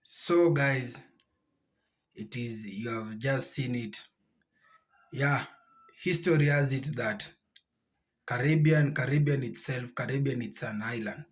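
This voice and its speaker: Brief: mid-pitched male host, halting and repetitive explainer. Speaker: reaction video host. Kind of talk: casual explanatory commentary.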